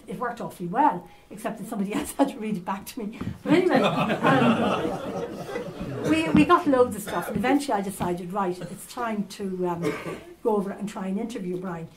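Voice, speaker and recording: Older Irish woman telling lively anecdotes. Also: mid-range voice, rough recording. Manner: lively anecdotal, with fillers and asides. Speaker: journalist speaker. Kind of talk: storytelling talk to a live audience. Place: conference hall at a castle hotel.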